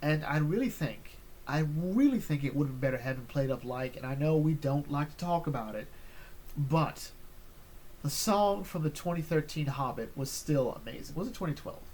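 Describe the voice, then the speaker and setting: A man's voice: a little high, animated, normal speed, a little mellow, a little hiss or hum. A man chatting casually as he reviews an episode, rambling with many fillers and restarts.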